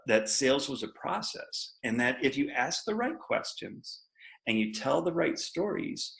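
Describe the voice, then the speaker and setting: Podcast guest, man in his forties, candid storyteller, gravelly, average pitch. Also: fairly bright tone, low-quality recording. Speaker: guest entrepreneur.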